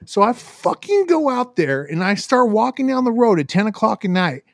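Male co-host, raised voice, very lively delivery, profane storyteller who does the voices himself. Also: high-pitched, moderate pace, dry recording, clean studio sound. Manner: profane, animated, acts out voices in his stories. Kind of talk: casual storytelling chat.

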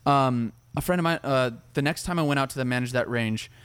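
A man's voice: medium pitch, brisk, smooth. A man, a military veteran, telling stories as a podcast guest in casual, profane chat and slipping into voices. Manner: profane, animated, slips into voices.

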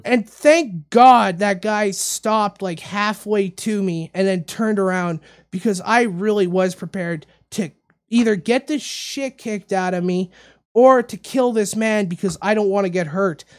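A man hosting a casual talk show, telling a story in a rambling, animated way and repeating his words. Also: sits high, a little slow. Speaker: radio show host. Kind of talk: casual podcast chat, storytelling.

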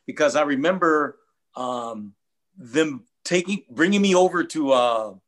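A man's voice: a little high, expressive, unhurried. An older man, a radio host, chatting in an earnest, reflective way and repeating words as he thinks. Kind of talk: casual interview chat.

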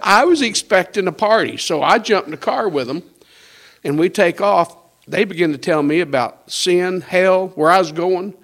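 An older man in his sixties, a pastor, tells his conversion story in a homespun way. His voice sits a little high for a man. He chuckles often and plays out the lines of the people in his story. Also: moderate pace, a bit bright. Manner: storytelling with quoted dialogue and chuckles. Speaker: pastor sharing his testimony. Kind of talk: conversational personal testimony.

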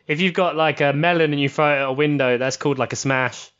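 Man, somewhat high voice, dry deadpan jokes, casual podcast chat, dull muffled recording. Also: fast talker, clean tone.

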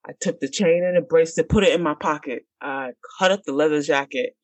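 A woman's voice: low-pitched, a little fast, no room sound. A woman in her thirties telling a dramatic story in casual chat, acting out the people in it. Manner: animated, dramatic, acts out voices.

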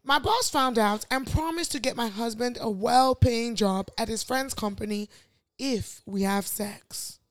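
A woman's voice: fairly high pitch, a little slow, dry recording, lightly acted. A woman reading out a confession in a posh Nigerian accent, voicing a woman in her thirties full of shame. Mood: remorseful.

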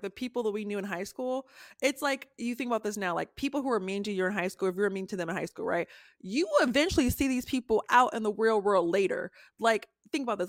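A woman's voice: medium pitch, no echo, studio quality. A young adult woman, a podcast co-host, retelling a story in casual chat, acting out quotes in a raised voice and swearing freely.

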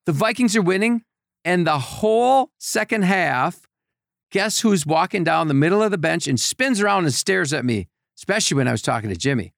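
An older man with a gravelly voice, telling rambling anecdotes as a podcast guest in casual chat. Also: sits high, lively intonation, normal speed, a bit bright, no echo, studio quality. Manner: rambling anecdotes with repeated restarts. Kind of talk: casual storytelling.

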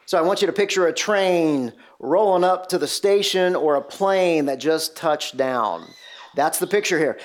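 A man's voice: high-pitched, a little slow. A man preaching an expository sermon in a conversational, emphatic way, often asking rhetorical questions. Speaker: pastor.

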